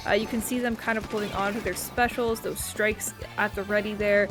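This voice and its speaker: A woman's voice: medium pitch, steady tone, a little fast, over music. A woman casting a live game tournament in a chatty, teasing manner. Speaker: esports commentator.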